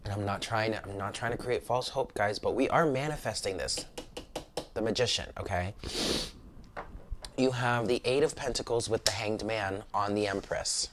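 A man's voice: fairly low pitch, moderate pace, a bit bright, a little hiss or hum. A man with an American accent giving a casual, blunt tarot reading, cursing and exclaiming often as he talks to viewers. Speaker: tarot reader.

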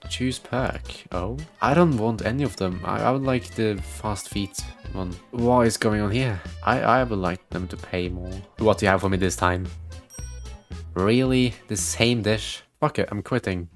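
A man giving excitable gameplay commentary, reading game text aloud, reacting loudly and swearing often. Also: lowish voice, unhurried, soft background music. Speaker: gaming video creator.

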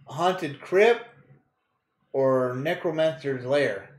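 A man's voice: medium pitch, slow pace, long pauses, roomy sound. A man casually commenting on a video game he plays, joking crudely, laughing often and reading game text aloud. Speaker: gaming streamer. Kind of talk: casual let's-play commentary.

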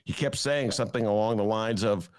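A man's voice: lowish voice, fairly quick, smooth. A man hosting a political podcast from his attic, riffing in a sarcastic, ranting way. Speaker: podcast host and newspaper columnist. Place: home attic.

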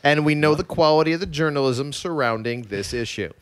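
A man's voice: a little high, fairly quick. A man hosting a casual drinking podcast, jokey and rambling, mock-pleading when he plugs the show. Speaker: podcast host.

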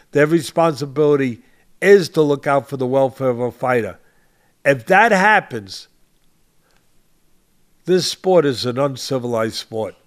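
An older man hosting a boxing podcast, talking with passion and stressing his points by repeating phrases. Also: mid-range voice. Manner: emphatic, repeats phrases for stress, addresses co-host by name. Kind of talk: impassioned podcast commentary.

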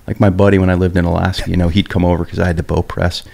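Deep-voiced man telling hunting stories. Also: rapid-fire, vocal fry. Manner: animated storyteller, lots of "like" and "dude". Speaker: guest, veteran bowhunter. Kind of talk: casual podcast conversation.

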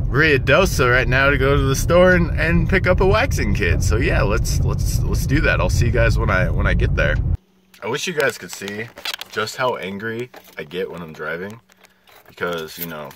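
A man's voice: on the low side, background noise. Profane, ranting young man vlogging. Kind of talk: casual vlog talk. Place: car while driving.

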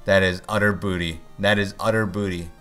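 A man's voice: low-pitched, fairly even intonation, a little fast, a bit bright, soft background music. A man hosting a let's play, giving casual commentary as he plays and often groaning and pleading at the game.

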